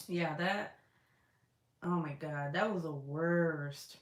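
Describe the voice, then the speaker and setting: This woman hosts a livestream, speaking slowly in a low voice with long pauses. The chat with her audience is casual, candid and full of swearing, and the sound carries a roomy echo.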